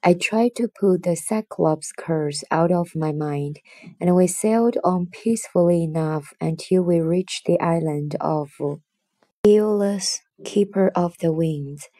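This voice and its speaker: A woman reading a children's storybook aloud, in a deliberate, expressive narrator's voice. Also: on the low side, dry recording.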